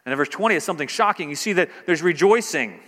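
A man's voice: on the high side, animated, quick pace, a bit bright, long reverb tail. A man preaching a sermon, pressing each point with rising emphasis and repeated phrases. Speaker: pastor.

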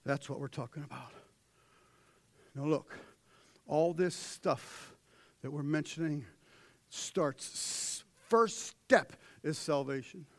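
A middle-aged man preaching a sermon, swinging from shouted peaks down to hushed, almost whispered lines. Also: a little high, takes it slowly, long pauses, dry recording.

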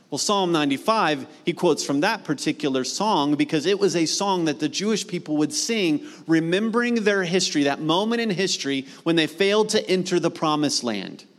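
A man with a fairly high voice preaches a sermon. He reads scripture and then presses his listeners with questions. His pleas drop soft and slow, then rise again. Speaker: pastor.

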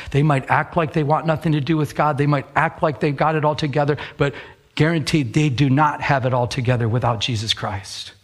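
A man's voice: mid-range voice, breathy edge. A man preaching a sermon, telling a story in an earnest, conversational way. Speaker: pastor.

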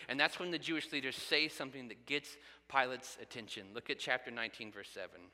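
A man preaching a sermon as a pastor, animated and speaking directly to his congregation. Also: medium pitch, big-room sound.

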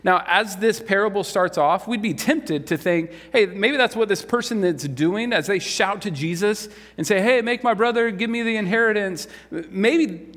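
A man delivers a Sunday sermon in an easy, conversational manner, tossing rhetorical questions to the congregation. His voice sits a little high for a man, and a long reverb trails his words around a large church hall. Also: moderate pace, few pauses, a bit bright. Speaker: pastor.

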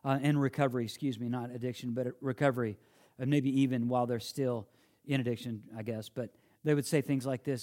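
A man's voice: medium pitch, fairly even intonation, brisk, warm tone. A man preaching a sermon, earnest and emphatic, often restarting phrases as he quotes and explains scripture.

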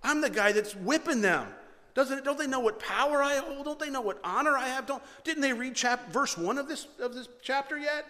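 A man's voice: extremely high pitch, moderate pace, bright, forceful tone, in a large hall, pitched above the performer's own voice. A man voicing a proud, indignant army commander who fires off huffy, exasperated questions.

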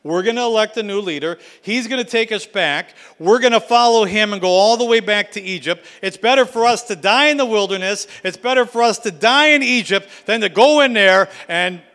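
A man's voice: high-pitched, a little fast, hardly any pauses, fairly bright tone, long reverb tail. A man voicing an angry, bitter crowd that complains and wants to turn back. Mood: defiant. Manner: complaining, defiant.

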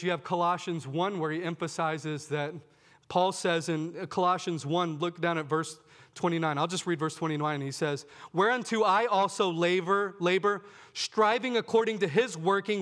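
A man's voice: high voice, normal speed, fairly bright tone, in a large hall. A man preaching a sermon to his congregation, earnest, often asking them questions and calling them "folks". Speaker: pastor.

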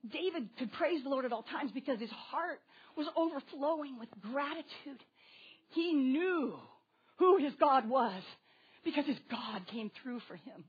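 This woman preaches to a congregation with children in it, full of energy and asking people questions directly. Her voice is high and her pace a bit slow, and the recording sounds muffled.

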